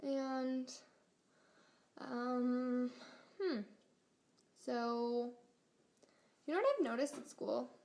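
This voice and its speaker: A woman's voice: sits high, fairly even intonation, drawn-out words, gravelly, long pauses, a little mellow. Rambling teen girl vlogger. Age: teens. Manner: rambling, filler-heavy, exasperated. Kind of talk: casual rant to camera.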